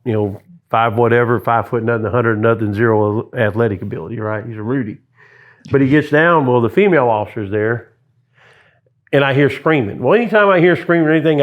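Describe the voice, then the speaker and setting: A middle-aged man who once worked as a police sergeant tells long stories from the job in a relaxed interview. He is lively and talkative, often slipping into the voices of officers and dispatchers on the radio. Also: medium pitch, muffled recording. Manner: animated anecdotes, acts out radio calls and quotes. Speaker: retired police sergeant, guest. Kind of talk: storytelling in casual interview.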